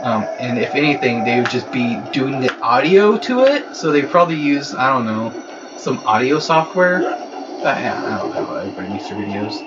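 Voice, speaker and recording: A man's voice: mid-range voice, expressive, normal speed. A young man chatting casually over gameplay, telling a rambling, ranting story. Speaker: let's play host. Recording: dull lo-fi with clear noise.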